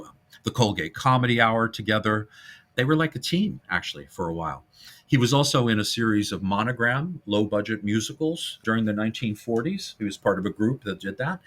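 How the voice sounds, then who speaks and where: A man hosting a casual film-history podcast, animated and jokey, now and then breaking into silly voices. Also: fairly low pitch. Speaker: podcast host.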